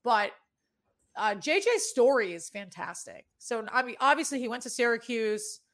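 A woman's voice: a little high, lively intonation, normal speed, a bit bright. Chatty Boston-accented woman host. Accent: Boston with a New York tinge. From New England. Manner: rambling, chatty, casually profane. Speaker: sports betting show host. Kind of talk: casual sports chat.

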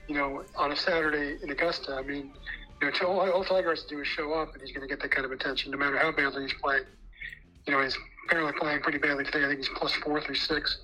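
A man's voice: fairly high pitch, pushed and bright, rough recording. A man talking casually on a sports radio show as a guest columnist, rambling along with many filler phrases. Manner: rambling, heavy on "you know".

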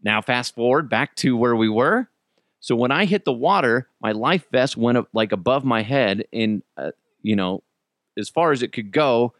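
A man, the host of a podcast, telling a story in a casual, animated way, swearing freely and laughing as he goes. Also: mid-range voice, normal speed, no room sound, studio quality. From United States.

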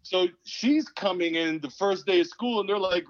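A man in his fifties tells a story as an interview guest, animated and playing out each person he quotes. His voice sits fairly high for a man. The recording is dull and dry, with no room sound. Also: normal speed, few pauses, no echo. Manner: animated, acts out quoted people. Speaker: guest, former pro basketball player.

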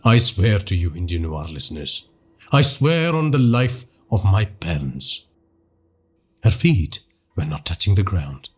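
A man narrating a horror story for a podcast in a hushed, dramatic storytelling manner. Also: low-pitched, very animated, measured pace, faint music behind.

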